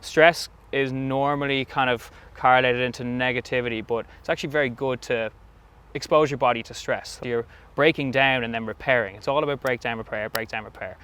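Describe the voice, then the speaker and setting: A man's voice: mid-range voice, fairly even intonation, brisk, fairly bright tone, smooth. A man with an Irish accent, a sauna business owner and guest, chatting enthusiastically with frequent fillers outdoors at a rugby club. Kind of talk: casual interview chat.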